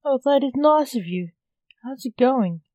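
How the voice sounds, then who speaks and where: A woman's voice: sits high, lively intonation, a little slow, mellow, no room sound, voice pushed up. Woman voicing a curious, nervous young wizard.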